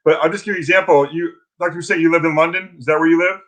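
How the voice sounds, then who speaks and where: A man who teaches philosophy, telling stories as an interview guest on a video call, lively with many restarts. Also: on the high side, rapid-fire, poor audio. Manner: animated storytelling with restarts. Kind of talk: casual interview talk.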